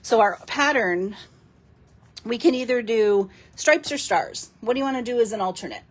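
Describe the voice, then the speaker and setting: Chatty woman with a husky voice. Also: a little high, expressive, normal speed. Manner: chatty, giggly, talks to viewers. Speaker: live-stream card-making host. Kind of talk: casual live crafting demo.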